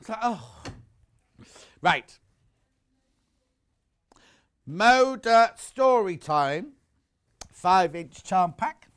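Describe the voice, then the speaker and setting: A man's voice: high voice, lively intonation, extremely slow, long pauses, fairly bright tone, clean tone. A man presenting on a live shopping channel, chatty and enthusiastic, rambling into personal asides between prices.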